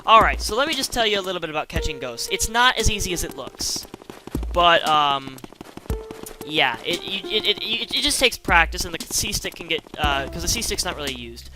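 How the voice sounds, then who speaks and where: A man's voice: sits high, animated, normal speed. A young man giving casual, rambling gameplay commentary with many fillers and restarts, as a let's player. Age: young adult. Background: game music.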